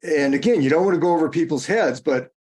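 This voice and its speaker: A man's voice: fairly high pitch, quick pace, darkish tone. A man speaking as a guest in a casual interview, rambling and digressive, often restarting and correcting himself mid-sentence.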